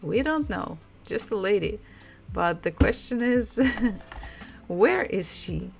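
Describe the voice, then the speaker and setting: A woman with a Russian accent teaches a language lesson at a very unhurried pace, repeating each word several times. Her voice sits at an ordinary middle pitch, and she laughs lightly now and then. Soft music plays faintly behind her. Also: lively intonation, creaky. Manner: slow, repeats words, laughs often. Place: home room.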